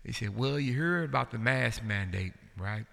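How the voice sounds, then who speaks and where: Animated man hosting a comedy show. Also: mid-range voice, vocal fry. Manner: animated storytelling, slows down for punchlines. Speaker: host. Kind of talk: stand-up comedy routine to a live audience. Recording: crowd and room noise. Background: audience laughter.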